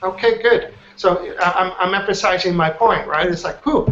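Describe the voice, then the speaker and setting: A man's voice: sits high, moderate pace, a bit bright, a little hiss or hum. A man leading an online coaching class, upbeat and chatty, often checking in with his students. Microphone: video call. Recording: muffled online call audio.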